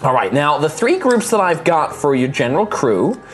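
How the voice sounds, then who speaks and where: A man narrates a tabletop game as its game master, his pitch rising and falling a lot. Faint music plays behind him. He sometimes slips into a Southern drawl as he describes the crew. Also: moderate pace. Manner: lively, voices characters, slips into a Southern drawl.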